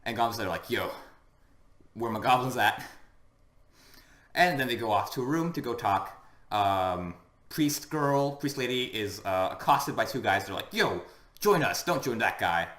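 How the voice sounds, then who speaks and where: A man's voice: fairly low pitch, expressive, normal speed, fairly bright tone. Laid-back man in an echoey room. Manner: rambling, laid-back, lots of fillers. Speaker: podcast co-host. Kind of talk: casual chat recapping an anime episode. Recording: roomy echo.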